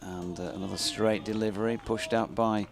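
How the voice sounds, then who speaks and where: A man's voice: on the low side, steady tone, creaky. A man commentating live on cricket, calling each ball and trading dry quips with his co-commentator. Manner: dry, quick wit in banter.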